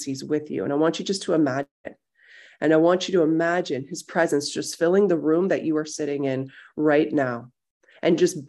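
A woman teaching a Bible study who speaks in a gentle, reflective way and guides listeners through a quiet prayer over a video call. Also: low-pitched. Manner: gentle, reflective, unhurried guiding. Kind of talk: devotional teaching, guided meditation.

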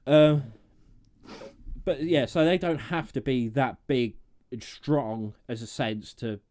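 A man's voice: mid-range voice, slow, darkish tone. A young man, chatting casually on a podcast, rambling and laughing often. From United Kingdom. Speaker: podcast co-host. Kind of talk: casual chat.

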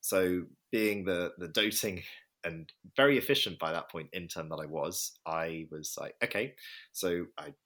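A man's voice: deep voice, a little slow, a bit bright. A man, a vet, earnestly recounting a hard day at work in a casual interview. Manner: earnest, reflective, acts out quoted voices. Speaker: vet telling a story.

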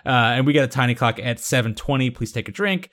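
A man's voice: medium pitch, animated, fast, a bit bright. A man hosting a casual chat show, recapping an episode with frequent laughs and filler words. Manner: chatty, laughing, lots of ums and likes. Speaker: podcast host.

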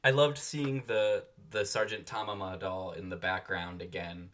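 A man co-hosting a podcast, making relaxed, wry comments in casual conversation about a show. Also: deep voice, measured pace. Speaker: podcast co-host. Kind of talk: casual chat recapping a TV drama.

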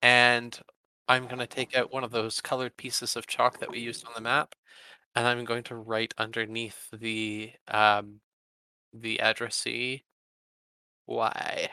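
Male tabletop player, gravelly and bright, dry close sound, animated delivery. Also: medium pitch, unhurried, no echo, poor audio. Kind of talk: in-character play and narration.

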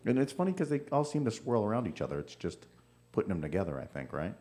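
A male podcast co-host with a very low, mellow voice. He rambles agreeably and often restarts his sentences. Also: big pitch swings, quick pace. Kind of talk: casual podcast conversation.

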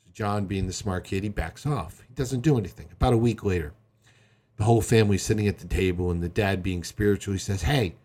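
A man's voice: on the low side, fast, mellow. A middle-aged man preaching a sermon as pastor, earnest and emphatic, acting out quotes along the way.

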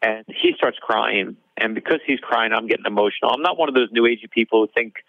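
A man with a lowish, gravelly voice speaks fast as an author guest sharing a story in an interview. He's an animated storyteller who acts out the lines, recorded dry over a tinny, phone-like connection.

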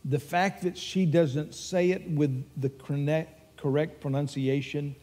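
A man's voice: on the high side, fairly even intonation, measured pace, dark tone, long reverb tail. An older man with a Texan accent preaching a sermon as pastor, earnest and emphatic as he tells stories.

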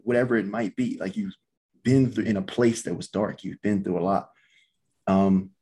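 A man hosting a casual interview, speaking haltingly with many fillers. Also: on the low side, vocal fry, a little mellow, slightly rough. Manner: halting, filler-heavy, encouraging. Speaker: podcast host.

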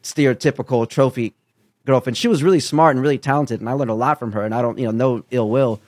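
A man with an ordinary mid-range voice speaks openly in a casual podcast chat. He is animated and personal, and the sound is dry and close with no room echo. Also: medium pitch, fast talker. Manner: candid and animated, storytelling with asides.

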